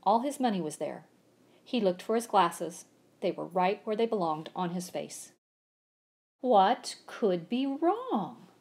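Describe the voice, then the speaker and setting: A woman's voice: fairly low pitch, moderate pace, creaky. A woman reading a children's storybook aloud, acting out the sound effects with gusto. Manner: animated, acts out sound effects.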